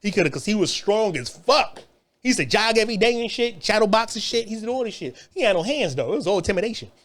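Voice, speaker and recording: A man in his thirties telling a story in a casual, profane way, animated and full of repeats and restarts. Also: sits high, fast.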